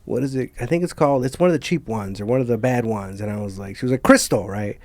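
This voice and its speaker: A man's voice: medium pitch, fast, a little mellow, dry recording, studio quality. Rambling man hosting a podcast. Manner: rambling, loose, swears. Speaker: podcast host. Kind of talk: casual podcast chat.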